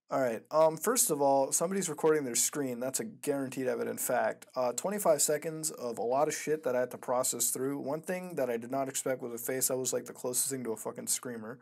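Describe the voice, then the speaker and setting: A man hosting a casual reaction commentary, profane and excitable, swinging from mumbled asides to loud outbursts. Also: medium pitch, fairly quick, vocal fry, music in the background. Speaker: host.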